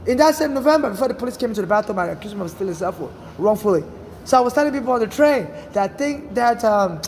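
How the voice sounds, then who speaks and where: A man's voice: sits high, a little mellow, slight background noise. A man in his forties, from Nigeria, talking in an urgent, rambling personal monologue and often repeating himself. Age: 40s. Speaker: vlogger. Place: city streets and transit.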